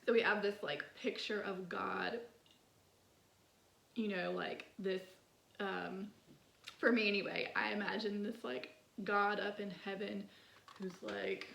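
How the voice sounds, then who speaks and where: A woman talks over poems at an unhurried pace, her voice sitting in the middle pitch range with a rough, fry-tinged texture. She chats casually, leaning on "like" as filler. The sound carries a noticeable echo from the room around her. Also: fairly even intonation. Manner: chatty, many "like" fillers, soft laughs. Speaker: poetry channel host. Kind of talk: casual poetry discussion.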